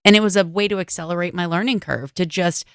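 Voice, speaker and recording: A woman's voice: lowish voice, fast talker, clean tone, dry recording, studio quality. A woman guest on an interview podcast, chatting and telling stories, acting out quotes in other voices. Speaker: guest, motorsports broadcaster. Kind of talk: casual interview chat.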